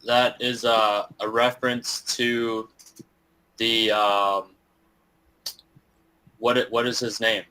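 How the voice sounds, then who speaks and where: A man's voice: fairly low pitch, flat delivery, slow pace, pauses often, bright, forceful tone, poor audio. A man on a casual live call, talking hesitantly with restarts and fillers. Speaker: participant on a chart analysis call.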